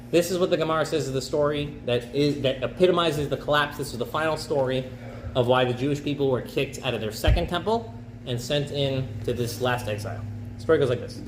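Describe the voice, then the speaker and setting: Man, rabbi, casual storytelling lesson, slangy, echoey room, faint hum. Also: medium pitch. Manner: chatty, slangy, asks okay.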